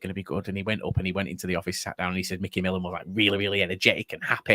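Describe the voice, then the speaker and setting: A man's voice: deep voice, very fast, no room sound. A man co-hosting a football podcast, telling stories in casual chat and acting out the quotes. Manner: animated storyteller, acts out quotes. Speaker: podcast co-host.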